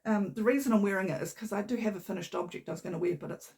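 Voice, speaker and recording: A New Zealand woman with a medium-pitched, creaky, darkish voice races through a chatty, rambling knitting podcast from a room at home. Her voice is a little shaky, and she is recorded casually by a camera on a tripod.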